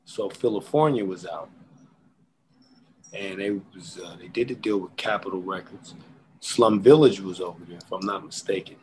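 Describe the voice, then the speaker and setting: Animated man telling a studio story. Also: sits low, slight background noise, low-quality recording. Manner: animated, acts out quotes and beatboxes; drawn-out slang-heavy delivery. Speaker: rapper guest. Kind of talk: casual storytelling interview.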